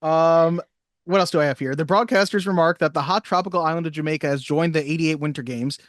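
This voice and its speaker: A man co-hosting a casual movie podcast, reading trivia facts briskly and chatting. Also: a little high, no room sound, clean studio sound. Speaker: podcast co-host.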